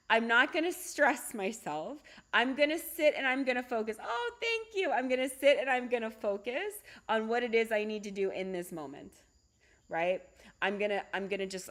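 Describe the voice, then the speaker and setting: A middle-aged woman, a holistic doctor, talking casually on a livestream, chatty and animated, often asking "right?" and laughing. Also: a little high. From United States. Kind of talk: casual livestream talk with storytelling.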